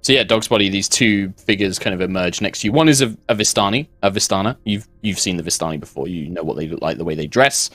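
A British man narrating a tabletop role-playing game as game master, describing scenes haltingly with many fillers. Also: sits low, a bit bright, no echo, soft background music. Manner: hesitant, with many fillers and restarts.

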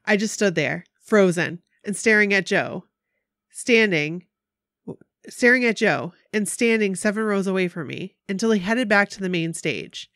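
A woman podcaster reads a fan story and chats with a co-host. Her delivery is gushing and emotional, always on the edge of excitement. Her voice sits in the middle of the range and is recorded dry and close. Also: medium pitch, measured pace, no echo. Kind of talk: casual chat and reading aloud.

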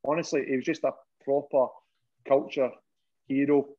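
A Scottish man, a former goalkeeper and podcast guest, telling lively stories in a casual chat, laughing often and swearing freely. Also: medium pitch, moderate pace, muffled recording. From Scotland. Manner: laughs often, animated anecdote telling with lots of "right?" and swearing.

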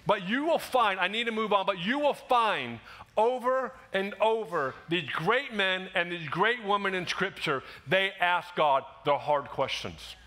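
A man preaching a sermon in a church, animated and conversational, acting out quick quotes as he goes. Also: high-pitched. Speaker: pastor. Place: church sanctuary.

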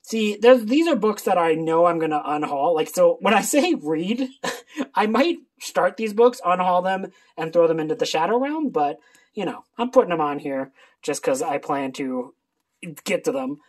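In a casual book haul video, a booktuber with a medium-pitched, expressive voice runs through a book list at a moderate pace. The ramble is sarcastic and irreverent, with some mild swearing.

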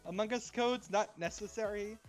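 A man's voice: high-pitched, normal speed. A man streaming an online game, chatting casually with friends and laughing often. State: hiccups. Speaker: gaming streamer. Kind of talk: casual gaming chat. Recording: faint game music behind.

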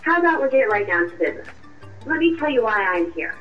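A woman voicing a sharp, confrontational young girlfriend in a radio drama, with a cutting, accusing way of talking. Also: fairly high pitch, very animated, fast. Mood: triumphant. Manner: cutting, accusing, coolly triumphant. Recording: muffled distant voice with music.

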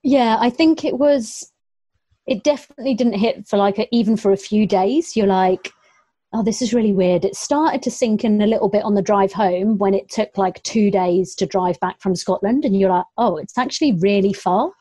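A woman's voice: medium pitch, normal speed, mellow, no echo. A young adult woman, a long-distance runner, chatting casually in an interview, laughing often and quoting herself. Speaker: ultrarunner guest.

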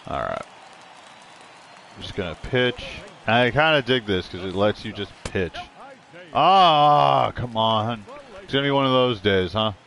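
A man's voice: fairly low pitch, animated, measured pace, vocal fry, pauses often, a bit bright. A man giving casual, rambling commentary while playing a video game, blunt and full of swearing. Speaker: gaming streamer. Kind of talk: casual let's-play commentary.

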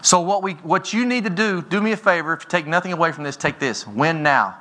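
A man in his forties delivers a motivational keynote on a conference stage before an audience, telling energetic stories with frequent rises in pitch and volume. He speaks a little fast, with a sharp tone.

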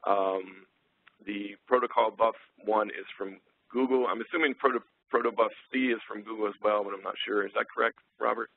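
A man presenting a technical webinar, relaxed and full of ums and uhs as he thinks aloud. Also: fairly low pitch, fairly quick, gravelly, no echo. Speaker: webinar presenter, sales engineer. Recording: tinny phone-line audio.

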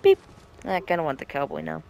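A man's voice: on the high side, wildly swooping pitch, a little fast, gravelly, darkish tone. A man hosting a goofy game roleplay, joking, laughing and apologizing to his robot sidekick. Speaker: gaming roleplay host. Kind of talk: casual game roleplay narration.

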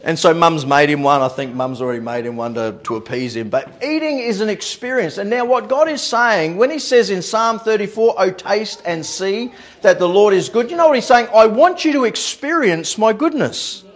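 A man preaching a sermon as pastor in a church, animated, repeating words and laughing at his own stories. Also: high voice, moderate pace, hardly any pauses. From Australia.

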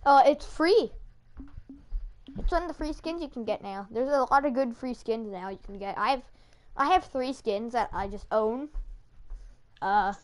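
Excitable high-voiced woman gaming. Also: normal speed, long pauses. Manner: excitable, chatty, laughs often. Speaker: gamer. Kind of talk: casual gaming commentary.

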